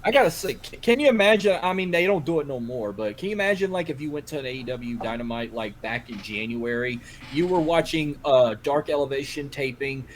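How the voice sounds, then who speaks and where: A man's voice: medium pitch, expressive, brisk, few pauses, a little hiss or hum. A man with a Cajun accent chatting casually as a podcast co-host, rambling and swearing, full of "like". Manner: rambling, profane, heavy on filler "like".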